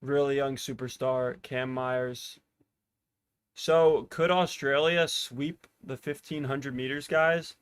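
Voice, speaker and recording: A young man commentating a track race live for a watch-party stream, getting excited as the race builds and chatting to viewers. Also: medium pitch, takes it slowly, smooth. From United States. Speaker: podcast host commentating a race.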